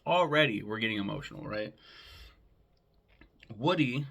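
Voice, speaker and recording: A man with a low, gravelly voice walks through a film's plot in a loose, rambling recap. He leans on filler words and swears freely, like someone talking off the cuff. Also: expressive, normal speed, a bit bright. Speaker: film podcast host. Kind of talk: casual film recap.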